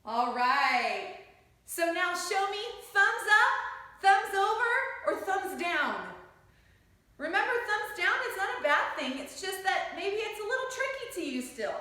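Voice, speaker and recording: A woman's voice: very high voice, big pitch swings, a little slow, sharp tone. A woman teaching a children's music lesson, encouraging the class as she sings and chants rhythms along with them. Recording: echoey room.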